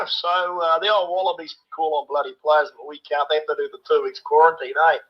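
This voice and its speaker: A man's voice: a little high, steady tone, a little fast, highs cut off. A man in his sixties from New Zealand, rambling through a rugby voice message and dropping "bloody" and "eh?" into nearly every line. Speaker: caller sending a voice message.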